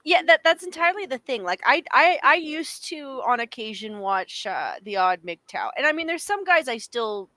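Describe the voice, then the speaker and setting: A woman with a fairly high voice talks frankly on a podcast, stumbling over restarts as she gathers her thoughts. Her voice is recorded dry and close, with no room sound. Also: sing-song, bright, forceful tone, dry recording. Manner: halting, many restarts and fillers, frank. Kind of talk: casual chat.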